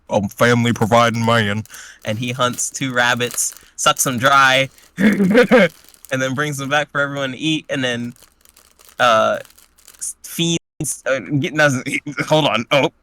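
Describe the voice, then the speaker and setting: With a medium pitch and measured pace, a man casually recaps a tabletop game session, his animated retelling full of crude jokes. The recording has no echo.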